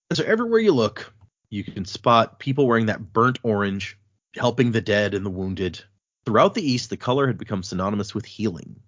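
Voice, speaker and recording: A man with a lowish, husky voice hosts a relaxed book podcast. He switches between reading passages aloud and loosely talking them over, with fillers and restarts along the way. The sound is dry and a little dull. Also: no echo. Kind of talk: casual book discussion with read-aloud passages.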